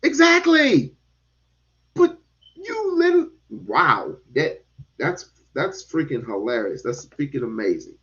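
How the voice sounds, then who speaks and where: A man talking politics in a casual chat, animated and given to repeating words and casual swearing. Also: fairly high pitch, slow pace. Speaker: podcast host. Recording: dull lo-fi sound.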